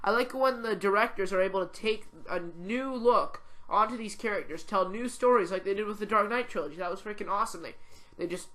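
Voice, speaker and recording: A teenage girl co-hosting a casual podcast, talking excitably and rambling with lots of "like". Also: mid-range voice, fairly quick. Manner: excitable, rambling, heavy use of "like". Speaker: podcast co-host. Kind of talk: casual chat.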